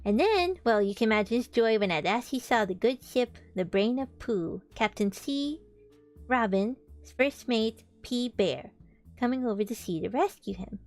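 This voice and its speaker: A young woman streamer reading a storybook aloud, animated, with chatty asides to her viewers. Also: on the high side, moderate pace. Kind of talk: casual read-aloud stream. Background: faint background music.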